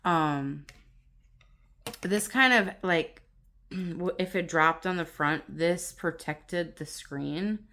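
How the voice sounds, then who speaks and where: A woman filming a casual vlog on her phone at home, excitable and gushing, laughing often as she talks. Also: lowish voice, takes it slowly. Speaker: vlogger. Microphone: phone camera on tripod.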